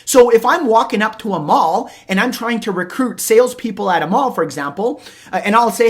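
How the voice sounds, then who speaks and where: A man hosting an interview show, talking in a rambling, animated way and acting out little conversations as he goes. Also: high-pitched, a little fast. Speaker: host. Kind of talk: casual interview chat.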